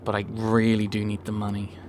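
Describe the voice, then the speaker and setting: A man's voice: on the low side, monotone, fairly quick, darkish tone, a little hiss or hum. Wry man reading game dialogue. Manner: wry, self-mocking muttering. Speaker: let's play host. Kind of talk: game playthrough commentary, reading dialogue aloud.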